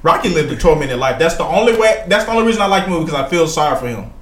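A man hosting a casual podcast chat with friends, animated as he retells movie scenes and quotes the characters. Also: a little high, racing. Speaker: podcast host. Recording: echoey room, faint background noise.

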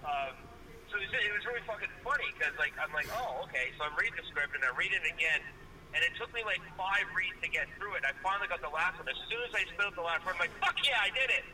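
A man's voice: high-pitched, quick pace, a crowd in the background, low-quality recording. A man co-hosting a podcast, telling a long rambling story and swearing constantly in casual chat. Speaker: podcast co-host.

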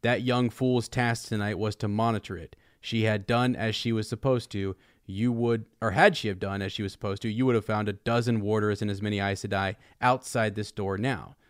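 A man's voice: fairly low pitch, fairly even intonation, moderate pace, few pauses, clean tone, no room sound, studio quality, close to an everyday voice. Man reading as a cold scheming sorceress.

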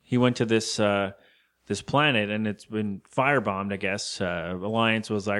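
A man co-hosting a podcast, recapping a film in loose, casual chat with quick quoted lines and some swearing. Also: fairly low pitch, steady tone, a bit bright, smooth. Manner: loose and profane, retells scenes with quoted lines. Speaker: podcast co-host.

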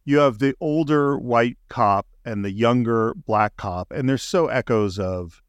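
A man's voice: mid-range voice, a little slow, clean tone, dry recording. A man co-hosting a casual podcast, retelling film scenes with enthusiasm. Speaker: podcast co-host.

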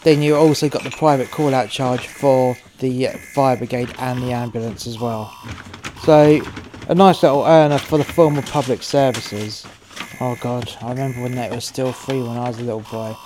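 Man, sweary storyteller, wry asides, middling pitch, faint noise behind. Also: steady tone, moderate pace, darkish tone. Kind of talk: first-person crime story narration.

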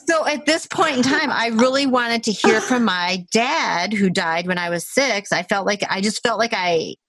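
A woman's voice: fairly high pitch, moderate pace, fairly bright tone. A woman who works as a Reiki practitioner, telling a story casually in a conversation. She talks animatedly, laughs often and uses many fillers. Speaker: Reiki practitioner and intuitive healer.

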